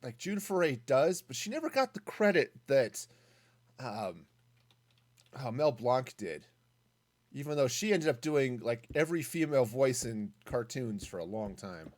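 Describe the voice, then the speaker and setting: Casual game streamer, mid pitch, very animated intonation, muses aloud and answers chat. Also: unhurried. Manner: chatty, thinking aloud, reading chat. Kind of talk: casual gaming stream commentary.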